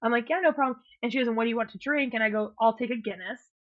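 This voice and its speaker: Woman podcast co-host, chatty storyteller, slightly high voice, muffled lo-fi sound. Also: very fast. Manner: animated storyteller, acts out quotes, swears. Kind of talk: casual storytelling chat. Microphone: podcast mic, remote call.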